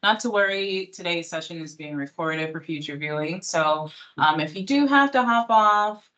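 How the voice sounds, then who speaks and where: A woman's voice: lowish voice, moderate pace, a bit bright, muffled recording. A woman moderating a webinar, giving housekeeping notes and reading out audience questions in a friendly, practical way over a video call.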